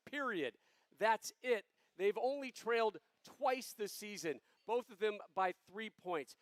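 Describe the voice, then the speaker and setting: A man with a high, bright speaking voice hosts a live show in upbeat patter. He rouses the audience and tees up questions for his panel, and the sound is dry and close. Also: no echo. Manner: upbeat, crowd-rousing host patter. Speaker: host.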